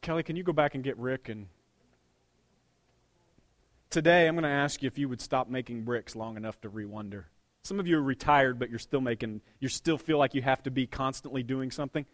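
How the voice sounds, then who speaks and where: A man preaching a sermon as a pastor, swinging between hushed, intimate lines and loud, excited bursts. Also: mid-range voice, brisk.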